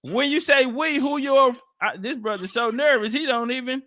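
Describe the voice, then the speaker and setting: A man's voice: extremely high pitch, moderate pace, pushed and bright. A man with an African American Vernacular English accent, arguing on a heated live-stream debate panel, confrontational, repeating himself and talking over others.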